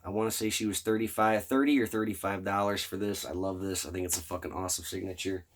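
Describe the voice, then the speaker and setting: A man's voice: sits low, fairly even intonation, fast, slight background noise. A man vlogging, telling a rambling, profanity-laced story in a casual, enthusiastic way. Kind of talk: casual storytelling about a fan convention.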